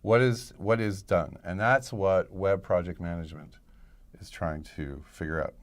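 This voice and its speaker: A man's voice: low voice, moderate pace. A middle-aged male professor giving a recorded lecture in a conversational way, thinking aloud and checking in with "right?". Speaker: college professor.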